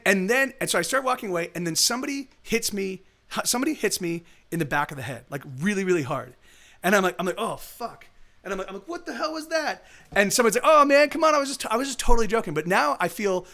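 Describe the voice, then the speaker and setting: A man's voice: sits high, pushed and bright. A man streaming live, telling a long story in casual, rambling speech with many restarts and acted-out quotes.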